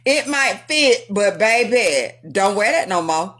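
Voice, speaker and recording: A woman's voice: medium pitch, animated, slow, a bit bright. A woman voicing a stern but caring older female boss who scolds bluntly. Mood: scolding.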